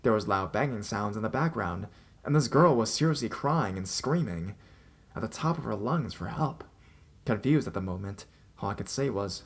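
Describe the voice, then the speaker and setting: A man reading a first-person horror story aloud, telling it in an expressive way with small restarts. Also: on the low side, moderate pace, gravelly, husky.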